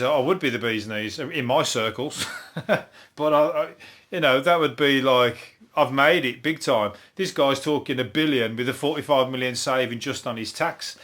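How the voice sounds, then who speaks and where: A man from Birmingham with a broad Brummie accent, riffing alone on odd news items for his comedy podcast. He rambles, swears a lot and chuckles at his own lines, his voice sitting at an ordinary middle pitch. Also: fairly bright tone. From Birmingham, England. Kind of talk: solo comedic news review.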